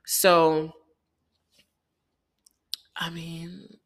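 A woman's voice: on the low side, completely flat delivery, drawn-out words, a bit bright. A woman from Haiti telling a candid, reflective personal story, often quoting people in dialogue.

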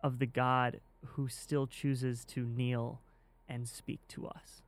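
A man on a faith podcast, speaking reflectively and haltingly, often repeating words as he thinks. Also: mid-range voice, flat delivery. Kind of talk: casual faith podcast chat.

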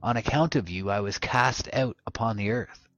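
A man reading the part of the devil, a deceitful and bitter fallen angel, in a low voice over music. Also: moderate pace, a bit bright, close to an everyday voice. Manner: bitter, self-pitying, deceitful. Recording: muffled podcast audio with music behind.

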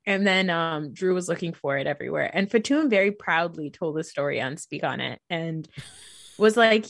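A woman's voice: lowish voice, a little fast, dry recording, studio quality. Chatty woman recapping reality TV. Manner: chatty, animated, acts out quotes, laughs often. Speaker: podcast co-host. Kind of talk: casual reality TV recap chat.

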